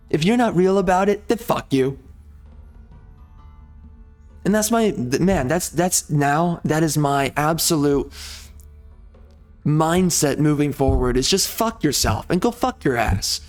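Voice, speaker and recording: A man's voice: a little high, lively intonation, unhurried, pauses often, a little mellow, faint music behind. Profane, furious YouTuber man ranting. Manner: swearing heavily, exasperated, blunt. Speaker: gaming YouTuber. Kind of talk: angry profane rant.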